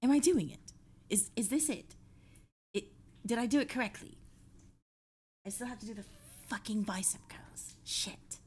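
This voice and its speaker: A woman streamer chatting casually and excitably on a live stream, swearing and thinking aloud. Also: mid-range voice, moderate pace, long pauses, slightly rough.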